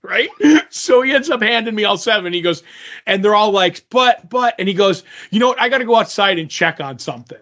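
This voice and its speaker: High-voiced man telling an animated story. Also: a little fast. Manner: animated, acts out quoted dialogue. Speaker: podcast co-host. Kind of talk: casual storytelling. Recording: dull lo-fi audio.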